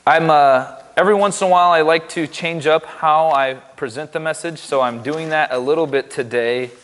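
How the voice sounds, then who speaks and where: A man's voice: fairly high pitch, moderate pace, fairly bright tone. Upbeat joking man preaching in a hall. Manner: upbeat, joking, self-deprecating. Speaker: pastor. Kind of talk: casual sermon. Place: church.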